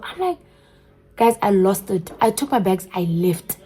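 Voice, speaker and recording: A young South African woman with a South African accent, telling a story in an animated way straight to her viewers. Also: medium pitch, measured pace. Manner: animated, keeps addressing viewers as guys. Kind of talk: storytime vlog.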